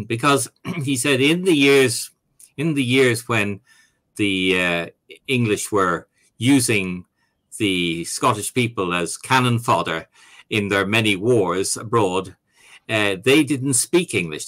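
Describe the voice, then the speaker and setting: A man's voice: medium pitch, lively intonation, slow, fairly bright tone. A man, an author and academic, answering questions on a video call in a hesitant conversational way with many fillers and restarts. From Ireland.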